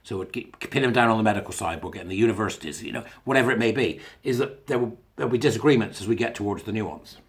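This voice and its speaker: A man's voice: lowish voice, fast talker, few pauses. Blunt man riffing solo. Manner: blunt, jokey, laughs at his own jokes. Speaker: podcast host. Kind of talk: casual monologue.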